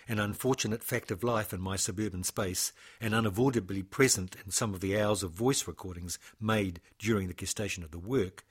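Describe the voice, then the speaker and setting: Low, husky man giving a formal talk. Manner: measured, formal and precise. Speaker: composer presenting his own work. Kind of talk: read-out formal lecture.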